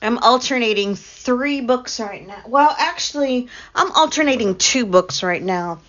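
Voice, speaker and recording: A middle-aged woman hosting a casual live stream, chatty and quick to laugh as she talks to her chat. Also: a little high, animated, a bit bright. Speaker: livestream host. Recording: dull lo-fi stream audio.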